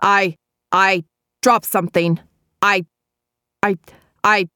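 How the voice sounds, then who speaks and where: A jittery innkeeper caught out, stammering and wailing in a raised, strained voice, as a woman reads him. He sounds flustered and quick to protest. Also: medium pitch, fairly bright tone, no echo, clean studio sound, pitched above the performer's own voice, lightly acted. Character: nervous, stammering male innkeeper.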